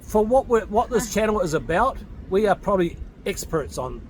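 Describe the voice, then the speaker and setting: A man's voice: high-pitched, very animated, moderate pace, slight background noise. An Australian man in his forties giving a blunt, combative vlog rant to camera from his home in Thailand, swearing freely and speaking off the cuff. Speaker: vlogger.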